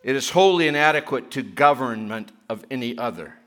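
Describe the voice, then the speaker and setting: A middle-aged man preaching a sermon, chatty with joking asides, growing louder and higher when he reads and presses scripture. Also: animated, brisk. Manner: chatty, self-deprecating asides between scripture readings; rising in pitch and force when reading and pressing scripture. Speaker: pastor.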